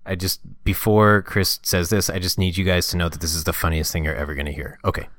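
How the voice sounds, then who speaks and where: Man in his thirties, low voice, dry close-mic sound, teasing podcast co-host. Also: little pitch movement, fast talker, a bit bright, no echo. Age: 30s. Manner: dry, teasing, sets up joke puns. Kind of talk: casual comedic movie review chat.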